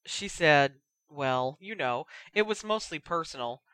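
A reader doing a sleepy young wizard who grumbles and overplays his complaints. The voice is bright and sits near the reader's own, recorded dry and close. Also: mid-range voice, lively intonation, unhurried, smooth, no echo. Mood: grumbling. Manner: grumbling and dramatic. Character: young man, sleepy, sulky teen wizard.

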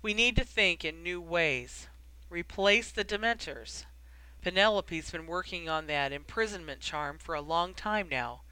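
An audiobook reader voicing a weary, harried middle-aged wizard official who talks in a brisk, grumbling, wry way. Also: mid-range voice, sharp tone, clean tone, dry recording, low-quality recording.

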